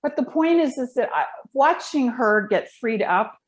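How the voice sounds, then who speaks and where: A woman coach talking as a guest on a video call, blunt and energetic, laughing often as she tells stories. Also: fairly high pitch, moderate pace. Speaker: guest, camera-presence coach. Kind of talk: animated conversational storytelling. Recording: echoey room.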